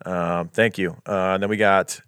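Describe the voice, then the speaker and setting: A man co-hosting a podcast who reads listener reviews aloud in an easygoing way and adds quick asides. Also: low voice, steady tone, fairly bright tone, smooth, no room sound, studio quality. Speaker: podcast co-host. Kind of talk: casual podcast chat, reading listener reviews.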